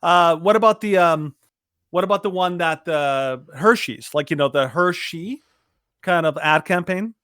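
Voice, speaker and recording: High-voiced man rambling with fillers. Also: clear, resonant tone, dry recording, studio quality. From Latino heritage. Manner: halting, many fillers and restarts, animated when mocking. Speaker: podcast co-host. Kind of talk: casual opinion chat.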